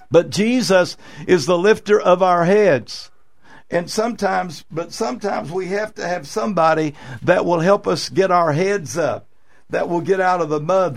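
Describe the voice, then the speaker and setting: A man preaching an earnest sermon as pastor of a radio church, repeating his phrases and pausing on fillers. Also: sits high, creaky.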